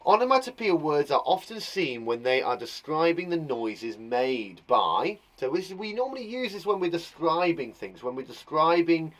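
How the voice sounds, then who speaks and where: A man's voice: fairly high pitch, sing-song, moderate pace, few pauses, a bit bright. Playful British male teacher. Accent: British English. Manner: playful and encouraging, acts out sound words with gasps and laughs. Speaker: primary school teacher. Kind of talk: live online lesson for young children. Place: garden shed classroom.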